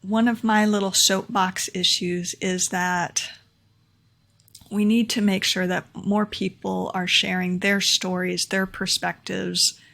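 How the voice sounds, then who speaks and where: A woman's voice: medium pitch, little pitch movement, takes it slowly, gravelly, a bit bright. A young adult woman vlogging her takeaways in a casual, earnest explainer, repeating key points for emphasis, recorded at home. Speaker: vlogger sharing talk takeaways. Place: home room near a window.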